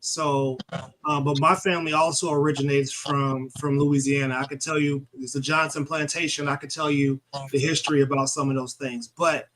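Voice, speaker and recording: Host guy from michigan, bit higher voice, easygoing chat, stumbles into his sentences. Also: moderate pace, a little hiss or hum, rough recording. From born Arkansas, raised Michigan, USA. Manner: relaxed, conversational, repeats words when starting. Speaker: podcast co-host, military veteran. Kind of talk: casual interview chat.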